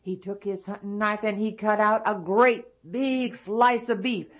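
A woman telling a folktale aloud, animated, with hushed, drawn-out endings. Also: medium pitch. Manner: animated, dropping to hushed asides. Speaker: storyteller. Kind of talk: folktale storytelling.

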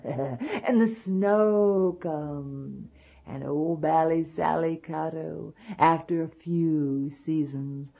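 A woman's voice: sits low, creaky, mellow, breathy edge. A woman storyteller telling a folk tale in a dramatic, folksy way, dropping to whispers.

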